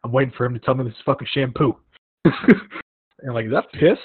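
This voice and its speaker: Husky young man telling stories on a tinny line. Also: medium pitch, a little fast, no echo. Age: young adult. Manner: animated storytelling with acted-out quotes. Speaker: podcast host. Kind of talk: casual chat. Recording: tinny phone-like line, dry.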